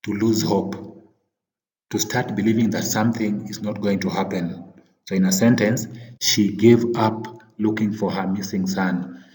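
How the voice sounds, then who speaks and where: A male teacher giving a vocabulary lesson, defining words slowly and repeating them. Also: fairly low pitch, steady tone, a little mellow, big-room sound, low-quality recording.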